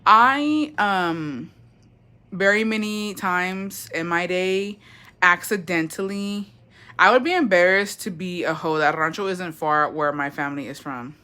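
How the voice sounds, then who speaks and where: Woman, 20s, bright voice, swears a lot, gossipy storytime livestream host. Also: fairly low pitch, measured pace, clean tone. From Mexico. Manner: chatty, profane, gossipy, reads chat aloud.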